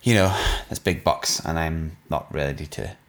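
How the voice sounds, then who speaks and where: A man's voice: very deep voice, moderate pace. A Scottish man co-hosting a podcast, chatting casually and jokily with lots of restarts. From Scotland. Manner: joking, rambling, many restarts. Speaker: podcast co-host. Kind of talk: casual chat.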